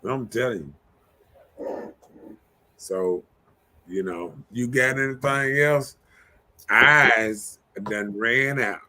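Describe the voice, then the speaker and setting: A man's voice: mid-range voice, very slow, pauses often, sharp tone. A man hosting a casual live-stream chat, joking and laid-back as he talks. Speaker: show host.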